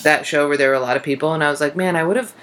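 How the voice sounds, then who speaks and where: A woman's voice: low-pitched, flat delivery, rapid-fire, a bit bright. A young woman comedian co-hosting a podcast, chatting casually in a rambling way, swearing freely and acting out quotes. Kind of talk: casual chat.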